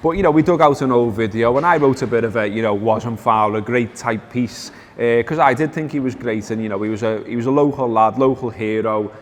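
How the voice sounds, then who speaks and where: A man's voice: medium pitch, a little fast, few pauses, in a large hall, slight background noise. A man hosting a casual football chat, telling stories wryly, with lots of fillers. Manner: wry storytelling, reads out quotes, many fillers. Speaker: podcast host.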